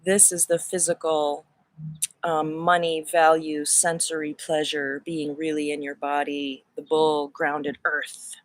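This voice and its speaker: A woman's voice: low-pitched, flat delivery, dry recording. Woman in her fifties with a playful put-on Irish accent. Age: 50s. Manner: playful, musing, drawn-out phrasing. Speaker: host. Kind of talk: casual spiritual livestream talk. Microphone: camera mic.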